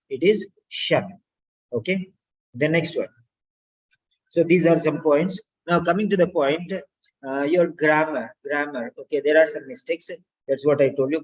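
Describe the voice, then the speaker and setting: A man's voice: mid-range voice, a little mellow. A man, giving spoken feedback in an online class and correcting the student by repeating words and sounds for drilling. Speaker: English speaking tutor. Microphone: video call. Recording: dull lo-fi video call audio.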